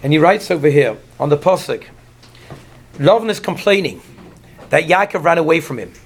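A man's voice: a little high, moderate pace, breathy edge. A man giving a Torah lecture, explaining commentaries in English mixed with Hebrew terms and acting out the figures in the story. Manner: animated, acts out the figures in the story. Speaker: Torah teacher.

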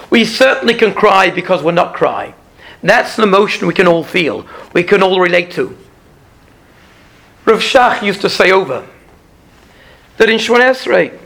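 High, gravelly man lecturing. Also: fairly bright tone. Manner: measured and earnest, slowing to stress key points. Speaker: rabbi giving a lecture. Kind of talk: Torah lecture.

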